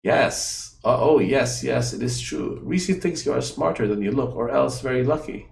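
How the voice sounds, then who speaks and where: In an echoey room, a man plays a tiny, anxious female guardian character who is childlike and keen to please and speaks of herself in the third person in broken grammar. His mid-range voice is expressive, a little mellow and gravelly, at a moderate pace, with a faint hiss or hum.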